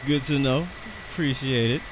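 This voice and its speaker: A man's voice: mid-range voice, fairly even intonation, moderate pace, background noise. An American man chatting casually and rambling through live commentary on his flight sim stream, talking to his viewers.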